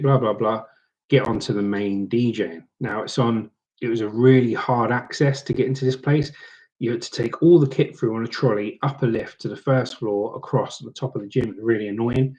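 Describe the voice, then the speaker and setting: A middle-aged man with a British accent, telling a story casually to the camera and acting out other people's lines with lively voices. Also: mid-range voice, dull audio. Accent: British English.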